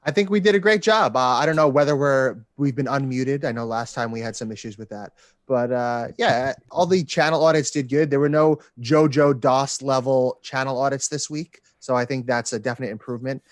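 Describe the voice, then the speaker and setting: A man's voice: medium pitch, steady tone, brisk, no room sound, studio quality. A man co-hosting a casual livestream over a video call, upbeat and joking. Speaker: livestream co-host.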